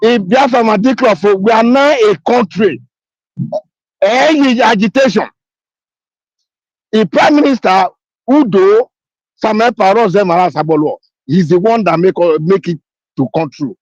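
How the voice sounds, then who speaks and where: A woman's voice: medium pitch, measured pace, pauses often, darkish tone, no room sound, muffled recording. A woman, speaking emphatically in a live audio chat, repeating herself and pleading. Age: 50s. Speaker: caller on an audio space.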